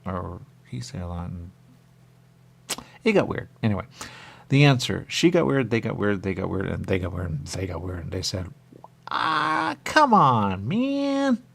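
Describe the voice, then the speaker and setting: A man's voice: deep voice, moderate pace, creaky, husky. A man on a radio talk show, musing aloud in a repetitive, meandering solo monologue.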